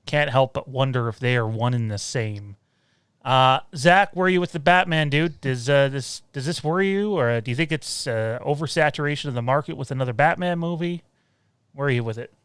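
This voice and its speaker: Podcast host guy, smooth clear voice, dry close sound. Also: medium pitch, expressive, a little fast, fairly bright tone, no room sound. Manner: leads the discussion, asks questions. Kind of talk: casual panel chat.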